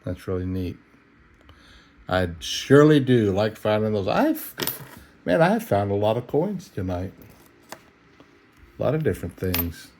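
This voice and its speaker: A man's voice: fairly low pitch, very animated, unhurried, pauses often, a little mellow, a little hiss or hum. A middle-aged man, tired and yawning, chatting in an easygoing, folksy way while he searches coin rolls late at night at home. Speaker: coin roll hunter. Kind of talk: casual narration while searching coins.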